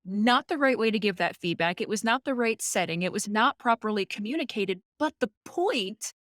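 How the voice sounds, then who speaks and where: Animated woman telling a workplace story. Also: medium pitch, normal speed, no echo, clean studio sound. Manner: animated, acts out quoted dialogue. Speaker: guest, company president. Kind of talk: conversational podcast storytelling.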